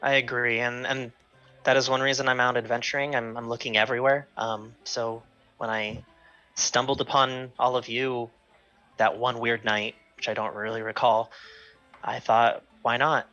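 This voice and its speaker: A man's voice: medium pitch, level tone, moderate pace, bright, forceful tone, lo-fi sound, soft background music. A man speaking in character in a tabletop game, earnest with stammering restarts. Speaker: player. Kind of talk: in-character tabletop role-play.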